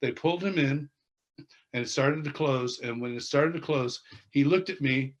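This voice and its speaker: A man's voice: medium pitch, moderate pace. A man telling a story as an interview guest, acting out the people in it and laughing as he goes. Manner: expressive, acts out the people in his story. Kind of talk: animated storytelling.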